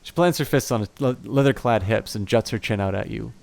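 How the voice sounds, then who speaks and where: A man's voice: fairly low pitch, a little fast, creaky, darkish tone. A man, chatting to his stream viewers and reading a game aloud, rambling and apologetic with many restarts. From Canada.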